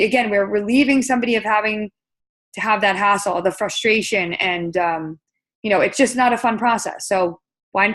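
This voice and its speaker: A woman leading a webinar sales training, speaking in an upbeat, coaching way with many fillers and repeated words. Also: a little high.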